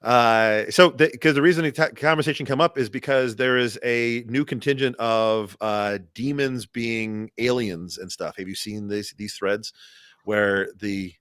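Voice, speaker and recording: A man talking in casual podcast chat, rambling and restarting his sentences, often trailing off quietly. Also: mid-range voice, a little slow, clean tone, no echo, clean studio sound.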